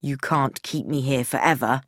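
A woman's voice: extremely low pitch, steady tone, normal speed, no room sound, studio quality, pitched below the performer's own voice. A woman doing a wry, captured older Englishman. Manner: wry, indignant. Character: captured older British man, wry and defiant. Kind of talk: audiobook reading.

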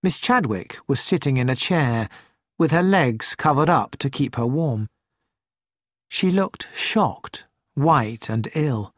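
Male narrator, audiobook, slow measured pace, dry studio sound. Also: mid-range voice, animated, dry recording. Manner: measured, clear storytelling.

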